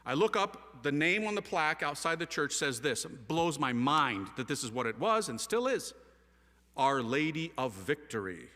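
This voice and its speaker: A middle-aged man telling a personal story with lively, self-mocking energy, often acting out other people's voices. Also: on the high side, moderate pace, few pauses. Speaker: speaker telling his conversion story. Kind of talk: animated storytelling talk. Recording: long hall reverb.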